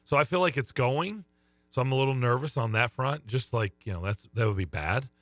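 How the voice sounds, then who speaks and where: A middle-aged man, a youth baseball coach, co-hosting a sports talk show. His voice is a bit hoarse and his banter is teasing and lively, at an ordinary pitch and recorded dry and close. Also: fairly quick, no room sound. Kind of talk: casual radio chat.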